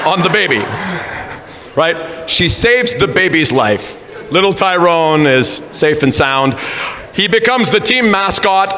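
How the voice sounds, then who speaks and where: Bright-voiced man telling a story in a hall. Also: a little high. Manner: humorous, animated storyteller. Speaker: rugby coach. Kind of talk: storytelling speech at a school assembly. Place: school assembly hall. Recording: reverberant hall with faint background noise.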